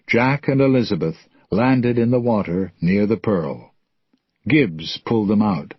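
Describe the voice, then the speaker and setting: Man, slow deliberate story narration, husky, lowish voice, dull lo-fi sound. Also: no echo. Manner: clear, deliberate.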